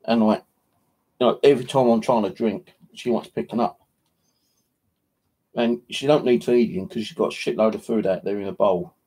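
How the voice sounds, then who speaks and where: A man's voice: lowish voice, steady tone, moderate pace, long pauses, warm tone, breathy edge. A man hosting a paranormal channel, chatting casually in a rambling, sweary way with constant filler. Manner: rambling, sweary, heavy "you know" filler. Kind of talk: casual livestream chat.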